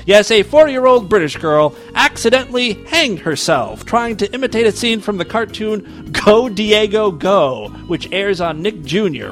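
A man's voice: on the high side, fairly bright tone. A man hosting a comedy news podcast, reading stories aloud and mocking them with crude jokes, laughing at his own lines.

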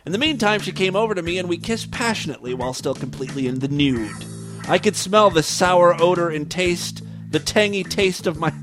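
A man with a fairly high-pitched voice reads a listener-submitted story aloud on his podcast. He stops now and then for wry comments. Soft music plays faintly in the background. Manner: wry asides between read passages. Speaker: podcast host.

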